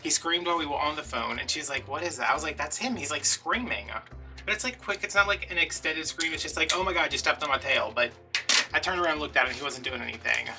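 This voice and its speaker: A man casually telling a story while crafting at home, animated and chatty, acting out the other people in it. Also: on the high side, fast, creaky, far from the mic, music in the background. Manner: chatty, animated retelling with quoted dialogue. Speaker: vlogger.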